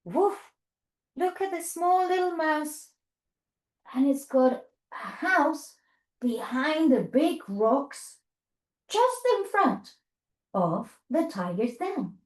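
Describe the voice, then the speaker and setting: A woman with a high, bright-toned voice guides toddlers through a yoga class. She speaks slowly and patiently, heaping on praise and weaving an animal adventure into the poses. The sound carries a roomy echo. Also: lively intonation. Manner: encouraging, praising, playful storytelling. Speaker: children's yoga teacher. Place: yoga studio. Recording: echoey room.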